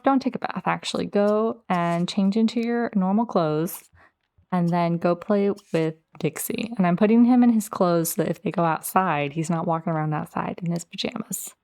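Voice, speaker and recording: A woman's voice: on the low side, moderate pace, darkish tone. Chatty woman narrating her life-sim game. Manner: chatty, talks directly to her game characters. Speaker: let's play host. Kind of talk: casual gameplay commentary.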